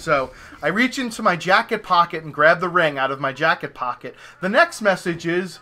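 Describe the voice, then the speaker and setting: Animated, cursing young man telling a story. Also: fairly high pitch, moderate pace, hardly any pauses. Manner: animated, profane, acts out his own reactions. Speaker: podcast host. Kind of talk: casual chat, storytelling.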